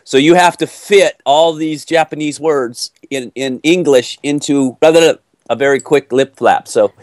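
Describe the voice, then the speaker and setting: A middle-aged man from Texas, an actor answering interview questions in a playful, animated storytelling way. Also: on the high side, moderate pace, dry recording.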